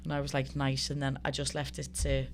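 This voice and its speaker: A thirty-something professional fighter from Liverpool, England, chats casually as a guest, telling animated stories in a Scouse accent, swearing without restraint and acting out what people said. She has a rumbling low voice, talks fairly quickly, and a little hiss or hum is audible.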